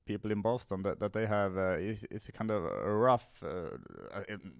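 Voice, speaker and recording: A man's voice: lowish voice, lively intonation, moderate pace, gravelly, clean tone, no room sound, clean studio sound. A man whose first language is Swedish, hosting a comedy podcast in a casual chat, hesitant with many fillers and restarts.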